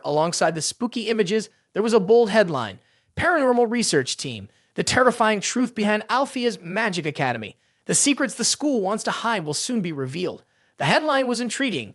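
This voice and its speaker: Lively narrator with a dry close sound. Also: medium pitch, no echo. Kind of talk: scripted recap narration.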